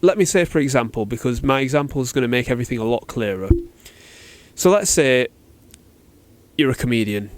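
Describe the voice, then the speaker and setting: Podcast host, male, casual and slangy, mid-pitched, acts out quick dialogue bits. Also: lively intonation. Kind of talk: casual solo podcast talk. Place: cold shop with fridges.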